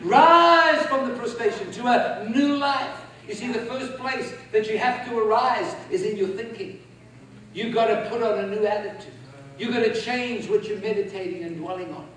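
Very high-voiced preacher in an echoey hall. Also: male voice, a bit bright, distant mic, slight background noise. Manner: emphatic, leads the congregation in call-and-response. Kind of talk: sermon.

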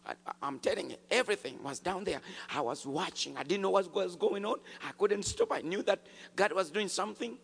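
Animated preacher man telling a testimony. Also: sits high, vocal fry, breathy edge. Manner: animated storytelling, jumps from hushed to shouted. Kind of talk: sermon testimony. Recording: long hall reverb.

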